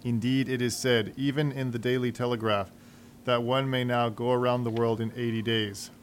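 A man giving scripted storybook narration in a measured, wry manner. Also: mid-range voice, little pitch movement, a little hiss or hum.

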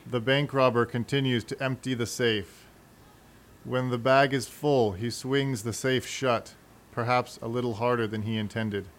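A man giving scripted storybook narration in a measured, wry manner. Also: medium pitch, fairly even intonation.

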